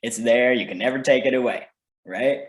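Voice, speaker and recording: A man's voice: mid-range voice, normal speed. A man presenting a parenting workshop in an informal teaching style, conversational and often checking in with "right?". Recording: roomy echo.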